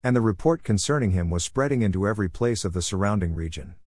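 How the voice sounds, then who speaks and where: Low-voiced man reading scripture, dry sound. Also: no room sound. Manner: steady, measured reading in short phrases. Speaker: scripture reader.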